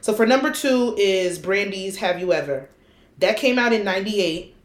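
A woman co-hosting a casual chat, blunt and profane, her stories told with animated energy. Her voice sits at a middle pitch and rings in a roomy space. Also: moderate pace. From United States. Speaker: podcast co-host.

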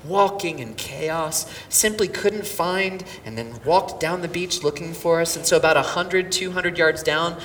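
A middle-aged man preaching a sermon, telling a story with swings from near-whispers to shouts. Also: on the high side, measured pace, hardly any pauses. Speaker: pastor. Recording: distant mic with hall reverb and faint room noise.

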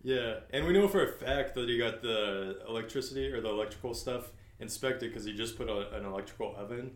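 A man's voice: mid-range voice, a little fast, roomy sound. A man co-hosting a casual comedic podcast, talking in a laid-back, agreeable way. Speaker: podcast co-host.

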